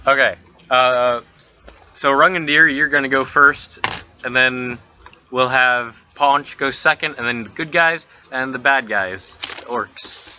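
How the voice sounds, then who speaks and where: A man's voice: medium pitch, takes it slowly, pushed and bright. A man narrating as game master of a tabletop game, casual and swearing freely. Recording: dull lo-fi recording with faint hiss.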